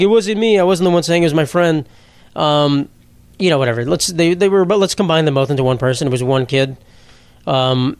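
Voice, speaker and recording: A man's voice: a little high, clear, resonant tone, dry recording. A young man hosting a solo comedy podcast, rambling and sarcastic, swearing freely and laughing at his own jokes. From New York.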